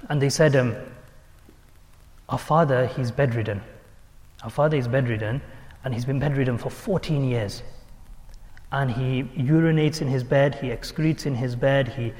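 Man telling stories in a reverberant hall. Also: mid-range voice. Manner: animated storyteller who acts out quoted speech, with frequent restarts. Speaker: religious teacher. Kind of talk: storytelling sermon.

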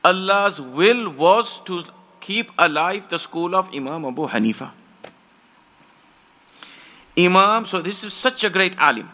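Bright-voiced impassioned male preacher. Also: high-pitched, animated, unhurried, pauses often. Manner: impassioned storytelling, acts out quoted voices. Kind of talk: sermon.

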